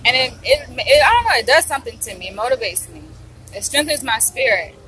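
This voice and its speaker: A woman talking casually and excitedly to her viewers in a vlog, gushing and calling them y'all, with food in her mouth. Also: a little high, brisk, a little hiss or hum, low-quality recording. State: eating while talking. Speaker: vlogger.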